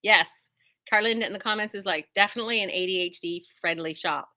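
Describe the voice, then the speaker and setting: Bright, chatty woman quilt shop owner. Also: mid-range voice, fast talker. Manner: chatty, tangent-prone, self-deprecating, lively asides. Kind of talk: casual chat to viewers.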